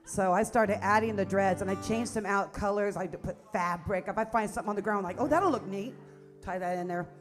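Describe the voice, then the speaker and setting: A woman's voice: medium pitch, steady tone, a little fast, few pauses, faint music behind. A woman in her fifties, a singer hosting her own show, chatting on stage in a coffee shop in a self-mocking, nervous way. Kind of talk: casual stage banter.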